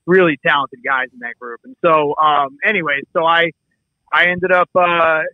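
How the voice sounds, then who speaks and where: A middle-aged man from the Midwest, telling a story as an interview guest in an animated, casual way, acting out dialogue and swearing freely. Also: a little high, normal speed, no echo. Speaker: actor and producer guest. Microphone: remote call. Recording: dull lo-fi call audio.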